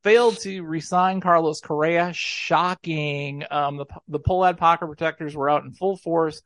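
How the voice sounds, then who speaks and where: Male podcast host, gravelly voice, dry close sound, talks in rambling bursts. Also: a little high, moderate pace, no echo. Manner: rambling, excitable. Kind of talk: casual sports podcast chat.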